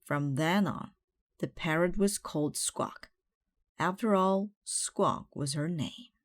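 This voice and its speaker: A woman with a low voice reads a children's picture book aloud at a slow, careful pace. Her voice is close and dry, with no room echo. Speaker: storybook reader.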